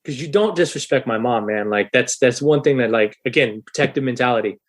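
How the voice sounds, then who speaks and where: A thirty-year-old man telling a story in a casual podcast interview, animated and profane, loudly acting out the people he quotes. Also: medium pitch, brisk. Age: 30s. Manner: animated, swearing, acts out quoted voices loudly. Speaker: guest musician.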